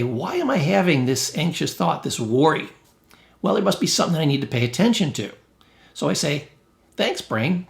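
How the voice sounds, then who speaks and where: A man gives a motivational self-help talk as a therapist, blunt and emphatic with a salty sense of humor. His voice sits a little high and has a gravelly, fry-edged texture. The recording has a noticeable roomy echo. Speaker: therapist and educator.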